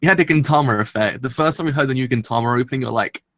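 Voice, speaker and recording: A man's voice: medium pitch, very fast, fairly bright tone, no echo, clean studio sound. A man hosting a live anime reaction, talking in a rambling, chatty and self-deprecating way and laughing often.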